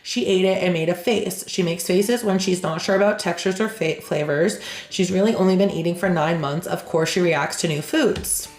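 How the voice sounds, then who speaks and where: A woman hosting a reaction channel who reads aloud and tells stories casually, frank and animated, acting out the people she quotes. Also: fairly low pitch, normal speed. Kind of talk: reading aloud then casual storytelling. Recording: echoey room with faint music.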